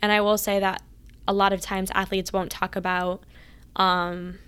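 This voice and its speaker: A woman's voice: medium pitch, level tone, moderate pace, fairly bright tone, smooth. A woman guest in an interview, earnestly recounting her time as a college athlete and often acting out past conversations. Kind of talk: casual interview storytelling.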